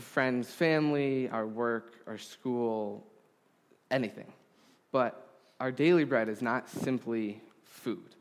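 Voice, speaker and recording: A man preaching a sermon to a congregation, earnest and deliberate, with emphatic pauses. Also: mid-range voice. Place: congregation hall. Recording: long hall reverb.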